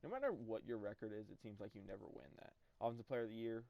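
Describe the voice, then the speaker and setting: A man's voice: fairly low pitch, lively intonation, fast talker, vocal fry, dark tone, no room sound. A young man casually talking through his sports video game season as a channel host, offhand and rambling, with the odd swear. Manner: offhand, rambling, mildly profane. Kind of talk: casual gameplay commentary. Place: indoors at home during a storm.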